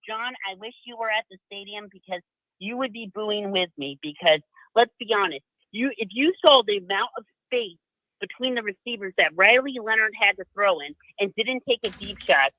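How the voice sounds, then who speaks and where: A man's voice: sits high, normal speed, bright, forceful tone, no room sound, low-quality recording. A male caller on a sports show, speaking bluntly and complaining. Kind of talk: phone call-in.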